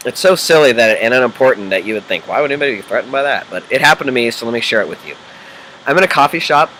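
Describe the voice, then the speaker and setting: Bright-voiced man from the Midwest. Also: mid-range voice, a little hiss or hum, low-quality recording. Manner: conversational, checks in with the viewer; acts out quoted voices and inner chatter. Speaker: executive life coach. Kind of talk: unedited talking-to-camera coaching video.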